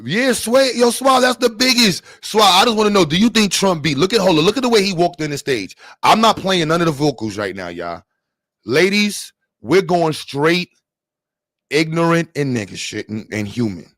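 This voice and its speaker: A man hosting reaction commentary, animated and laughing, full of crude slang. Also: fairly high pitch, dry recording, clean studio sound. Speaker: commentary host.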